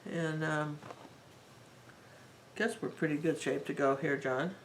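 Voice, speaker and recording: A woman's voice: sits low, steady tone, slow pace, a little hiss or hum, low-quality recording. A woman teaching a live painting tutorial, talking in a chatty and rambling way as she works. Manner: chatty, rambling and warmly enthusiastic. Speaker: art teacher.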